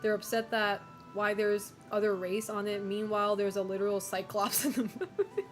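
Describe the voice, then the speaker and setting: A woman's voice: medium pitch, steady tone, normal speed, faint music behind. A woman streamer chatting casually with viewers, opinionated, swearing and laughing often.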